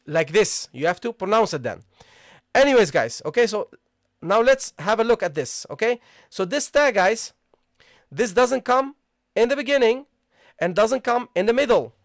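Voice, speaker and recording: Patient teacher running a live online class, mid pitch, dry close sound, keeps asking okay? and guys. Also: animated, normal speed, dry recording. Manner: repeats key points and asks the class questions. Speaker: Arabic teacher. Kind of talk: live online language lesson.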